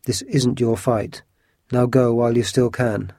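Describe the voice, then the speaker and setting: A man voicing a cool, gracious and calm swordsman in a storybook reading. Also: medium pitch, measured pace, no echo, clean studio sound.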